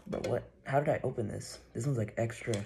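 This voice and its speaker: A man chatting casually while opening trading cards, joking with mock threats and excitable reactions. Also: medium pitch, brisk, creaky, very noisy. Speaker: card-opening vlogger.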